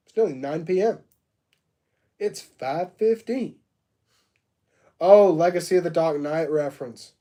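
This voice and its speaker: A man's voice: on the high side, unhurried, pauses often, warm tone. Chatty man on a live stream. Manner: chatty and joking, laughs often, many fillers like "like". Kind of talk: casual live-stream chat answering viewer comments. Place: home studio room.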